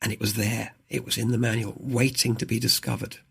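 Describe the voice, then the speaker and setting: Gravelly-voiced man, mixed English accent. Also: lowish voice, level tone, brisk. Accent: mixed English accent with international influences. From southeast England. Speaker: leadership coach, podcast guest. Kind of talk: relaxed interview conversation.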